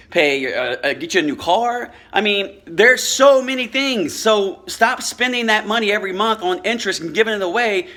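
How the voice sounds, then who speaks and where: A man's voice: high-pitched, sharp tone. A man talking to his viewers about credit as a coach, earnest and passionate, often stumbling and repeating words. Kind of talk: motivational vlog talk.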